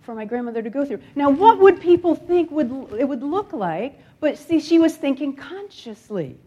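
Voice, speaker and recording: A middle-aged woman from upstate New York preaching a sermon in a conversational storytelling way, dropping to a hushed near-whisper at grave moments. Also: high-pitched, very animated, normal speed. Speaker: guest speaker.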